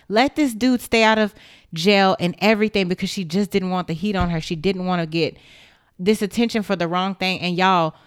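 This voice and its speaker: A woman's voice: mid-range voice, smooth, no echo, studio quality. A young woman giving an impassioned, indignant monologue straight to the camera, blunt and emphatic, with swearing.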